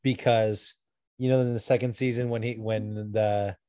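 A man's voice: fairly low pitch, flat delivery, normal speed, warm tone, no echo. A man co-hosting a podcast, telling stories loosely and swearing, while a bit sick. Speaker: podcast co-host. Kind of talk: casual podcast chat.

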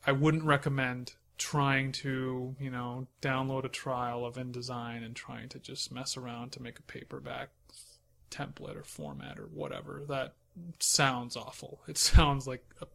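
A man hosting a podcast, giving relaxed, conversational advice drawn from his own experience as an author. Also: medium pitch, unhurried, creaky, a little hiss or hum. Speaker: podcast host and self-published author. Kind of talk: casual advice talk.

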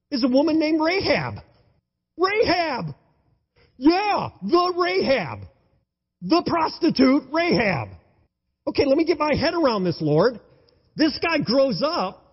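Animated, husky-voiced male pastor preaching. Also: sits high. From United States. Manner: animated, enthusiastic, swings from loud exclamations to hushed tones. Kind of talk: sermon. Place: church sanctuary. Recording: dull, lo-fi sound in a reverberant hall.

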